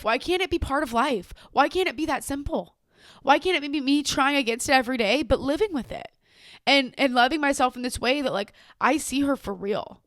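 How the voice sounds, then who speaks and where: A woman's voice: mid-range voice, dry recording, studio quality. A young woman hosting a podcast, talking candidly and emotionally in a rambling way, often repeating words as she opens up. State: tearful at times. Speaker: podcast host. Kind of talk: candid personal monologue. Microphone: own camera.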